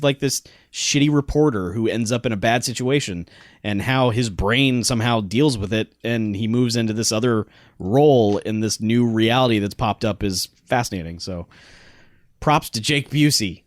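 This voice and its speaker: A man chatting loosely about games on a podcast, wandering through his thoughts and often breaking into laughter. His voice is mid-pitched and recorded close, with hardly any room sound. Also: moderate pace, no echo. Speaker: podcast co-host. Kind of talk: casual chat.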